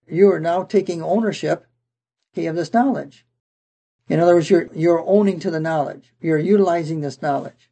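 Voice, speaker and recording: Gravelly-voiced man teaching scripture. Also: on the high side, a little fast, warm tone. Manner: reads scripture aloud then explains it, with frequent "okay" and restarts. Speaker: bible teacher. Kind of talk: verse-by-verse bible teaching.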